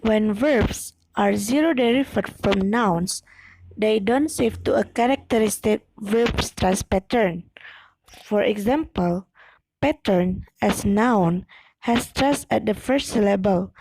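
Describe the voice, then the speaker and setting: A young woman, reading a class presentation aloud with slow, careful delivery and occasional slips. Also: mid-range voice, darkish tone, rough recording. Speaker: student presenting an exam video.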